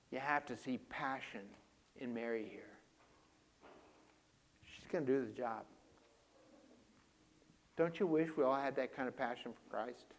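A man preaching a sermon with slides, moving from quiet reflection to loud, emphatic passages. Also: on the high side, fairly quick. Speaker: pastor.

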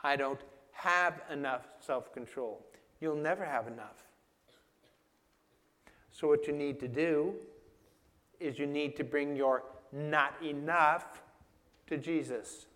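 Male preacher, conversational and emphatic, slightly high voice, long hall reverb. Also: slow, long pauses, a bit bright. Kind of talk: sermon.

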